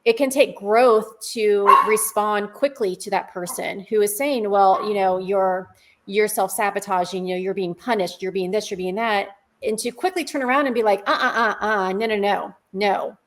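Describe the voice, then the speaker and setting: Mid-pitched woman co-host, calm and explanatory, asking rhetorical questions on a faith podcast. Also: normal speed, over a noisy crowd. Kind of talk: conversational faith podcast talk. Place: podcast studio.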